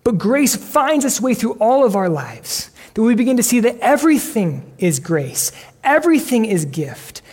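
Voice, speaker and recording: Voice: medium pitch, very animated, normal speed, hardly any pauses, darkish tone, big-room sound. A pastor delivering a sermon in an earnest, conversational way, often restarting phrases as the thoughts come.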